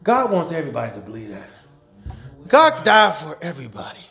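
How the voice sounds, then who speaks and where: A man preaching a sermon as pastor, swinging between shouted scripture and quiet, quick asides, repeating key lines for his congregation. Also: a little high, huge pitch swings, creaky. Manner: repetitive, call-and-response preaching. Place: church with congregation.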